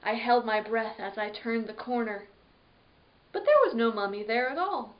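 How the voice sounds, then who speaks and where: A woman reads a children's story aloud with dramatic flair, jumping into sudden yelps. Her voice sits a little high, and the recording sounds dull and lo-fi. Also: normal speed. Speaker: library storyteller. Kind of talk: expressive read-aloud story narration.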